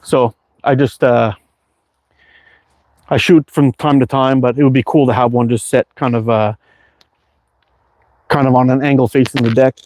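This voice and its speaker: A man's voice: medium pitch, steady tone, moderate pace, pauses often, darkish tone, a little hiss or hum. A man hosting a casual livestream from his backyard, reading viewer chat in an easygoing, rambling way with plenty of fillers. He sounds tired and worn out. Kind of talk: casual live chat while target shooting.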